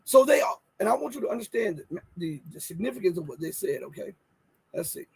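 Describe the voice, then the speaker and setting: Guy doing a live news rant, gravelly high voice, dry close sound, keeps asking huh? and right?. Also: animated, fast talker, a little mellow, no room sound, rough recording. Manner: emphatic, rhetorical questions, thinks aloud while reading articles. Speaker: host.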